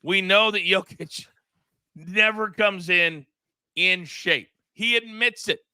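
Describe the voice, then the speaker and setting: An energetic man hosts a sports betting panel. His voice is piercingly bright and a little high. It sounds close and dry, with the room barely heard. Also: slow pace, clean tone, dry recording. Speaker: host. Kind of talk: sports betting show chat.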